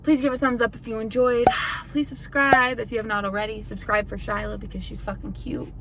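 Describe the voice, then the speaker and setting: A woman's voice: on the high side, little pitch movement, fairly quick, background noise. A young woman YouTuber in a casual vlog rant, frustrated and defensive. She swears often and rambles with lots of "like". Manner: rambling with filler "like".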